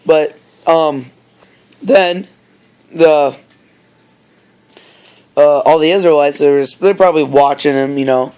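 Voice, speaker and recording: A man's voice: on the high side, fairly even intonation, takes it slowly, long pauses, a little mellow, clean tone. A man casually retelling a story, rambling with many fillers and side comments.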